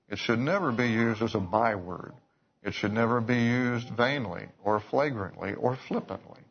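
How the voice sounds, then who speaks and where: A man's voice: on the low side, gravelly. A man preaching a sermon, telling stories in a folksy way with restarts and asides. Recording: dull lo-fi recording.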